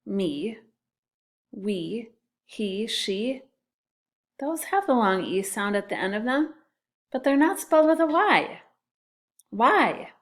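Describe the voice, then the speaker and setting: A woman's voice: fairly high pitch, very animated, takes it slowly, long pauses. A woman teaching a phonics lesson to young children, patiently sounding out and spelling words. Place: classroom.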